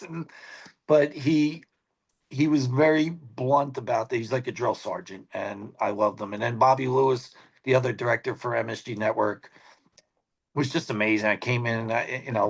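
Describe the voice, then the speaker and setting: A man's voice: medium pitch, normal speed. Rambling middle-aged man telling stories. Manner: rambling, animated, acts out quoted people. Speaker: guest, veteran sports cameraman. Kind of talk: casual anecdotal storytelling. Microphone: phone on a video call.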